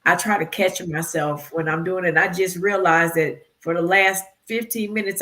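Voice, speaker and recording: A woman's voice: lowish voice, steady tone, normal speed, few pauses, fairly bright tone, slight background noise. A woman being interviewed as a PR company head, talking casually in a rambling, self-deprecating way and laughing often. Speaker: guest, PR firm CEO.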